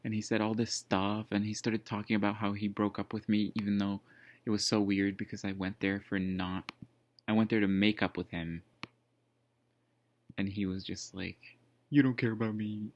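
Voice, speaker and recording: A man's voice: fairly low pitch, level tone, moderate pace, dry recording. A man casually telling a personal story, rambling with lots of fillers and restarts. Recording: dull lo-fi dry sound.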